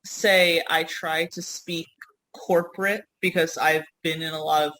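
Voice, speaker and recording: A woman from Yonkers with a New York accent, co-hosting a podcast in rambling, animated casual chat. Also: low voice, measured pace, slight background noise, rough recording. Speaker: podcast co-host.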